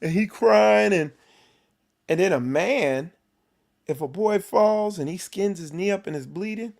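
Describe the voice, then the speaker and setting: A man holds forth on his faith show in a slow, deliberate delivery. His voice sits slightly high for a man, and he leans hard on key words, often repeating and restarting phrases as he builds his point. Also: a little mellow. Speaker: host of a men's faith show. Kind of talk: preachy motivational talk.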